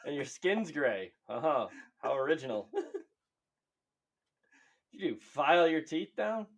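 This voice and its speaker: A man voicing a scornful male space soldier who hurls quick, contemptuous insults. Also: fairly high pitch, big pitch swings, full character voice. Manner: contemptuous, quick jeering put-downs.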